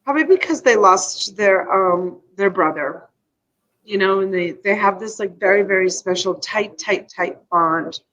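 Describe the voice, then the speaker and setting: A woman's voice: medium pitch, slow, fairly bright tone, highs cut off. A woman hosting a casual live stream, emotional and tearful, rambling and reading out viewer comments.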